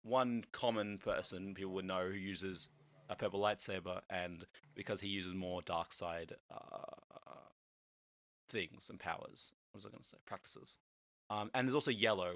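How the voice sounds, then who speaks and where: A man hosting a casual podcast, explaining at length and often stumbling into restarts. His voice is bright and forward, and he laughs easily as he goes. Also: low voice, fairly even intonation, measured pace. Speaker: podcast host. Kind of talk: casual chat.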